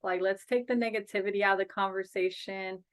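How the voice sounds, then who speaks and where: A woman's voice: medium pitch, steady tone, a little fast. A woman speaking as a guest in a casual interview over a video call, earnest and outspoken, a bereaved mother and advocate.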